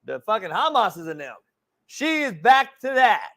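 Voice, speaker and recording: A man's voice: sits high, sing-song, moderate pace, a bit bright. A man hosting a sports talk show, ranting in a brash, mocking way and swearing constantly. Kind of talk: profane casual rant.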